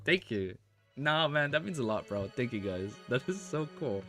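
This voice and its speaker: An American man streaming, who reads a novel aloud and breaks off for laid-back, excitable chat full of slang. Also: mid-range voice, normal speed, faint music behind. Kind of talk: reading a novel aloud on a livestream, casual chat.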